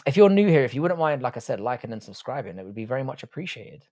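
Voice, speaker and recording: A man's voice: medium pitch, big pitch swings, fast, a little mellow, no room sound. Swearing, bantering man, dry sound. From United Kingdom. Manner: profane, bantering, slangy. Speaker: livestream host. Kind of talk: casual livestream chat reading viewer comments.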